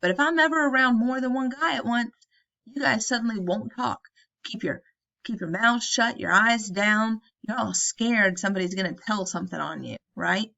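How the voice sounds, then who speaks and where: A woman's voice: on the high side, normal speed, creaky, bright, forceful tone, lo-fi sound. A woman voicing a lonely, bitter young ranch wife in a sassy, taunting way while retelling a story.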